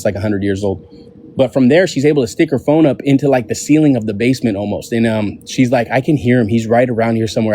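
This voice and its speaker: A man telling a casual story to his viewers from his home, animated and full of restarts. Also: medium pitch, slight background noise. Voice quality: animated, lots of restarts and "I'm like" quotes. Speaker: vlogger telling a pet story. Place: home, indoors.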